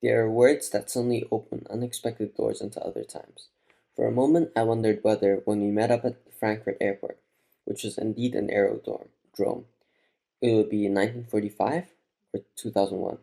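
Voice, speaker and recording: Low, dark-voiced male audiobook narrator. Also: steady tone, creaky. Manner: measured, reflective first-person telling.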